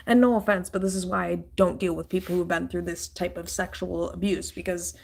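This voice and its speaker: A woman's voice: fairly low pitch, flat delivery, brisk, vocal fry, few pauses, a little mellow, slightly rough. A woman giving a casual tarot reading in a blunt, profane, rambling way. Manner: loose, rambling with fillers. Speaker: tarot reader.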